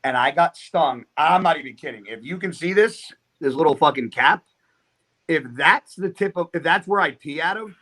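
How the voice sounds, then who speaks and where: Profane, animated storytelling man. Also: on the high side, moderate pace. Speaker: podcast guest. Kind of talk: casual storytelling.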